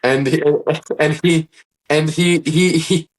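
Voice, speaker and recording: A man's voice: a little high, fairly even intonation, slow. Man, interview guest, earnest, rambling, casual storytelling. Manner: earnest, rambling, acts out quoted dialogue.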